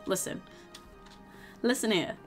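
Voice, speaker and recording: A tired, low-energy woman streaming a game and chatting casually, rambling and repeating herself as she restarts sentences. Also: slow, soft background music. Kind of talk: casual gaming stream chat.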